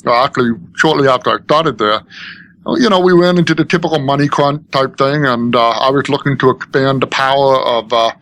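A man's voice: mid-range voice, a little fast, fairly bright tone. A man in his fifties from Maine, a guest on a podcast, talking earnestly with many hesitations. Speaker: guest, school technology director. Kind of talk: podcast interview.

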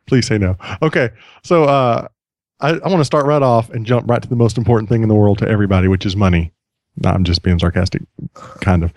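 A man's voice: lowish voice, fast talker, darkish tone, dry recording, clean studio sound. A man hosting a casual podcast, chatty and self-mocking, restarting sentences often. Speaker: podcast host.

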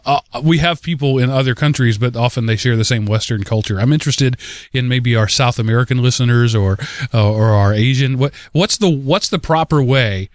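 A man's voice: mid-range voice, no room sound, studio quality. A man co-hosting a podcast in casual chat, rambling and restarting his sentences often. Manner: rambling, with many restarts and stammered repeats. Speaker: podcast co-host.

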